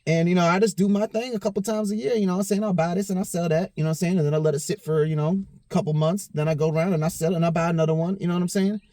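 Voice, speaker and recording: A man's voice: high voice, steady tone, very fast, hardly any pauses, warm tone, dry recording, clean studio sound. A slightly tipsy man hosting a podcast, rambling through a personal story with lots of swearing and constant "you know what I'm saying". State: a little tipsy. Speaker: podcast host. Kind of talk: casual storytelling monologue.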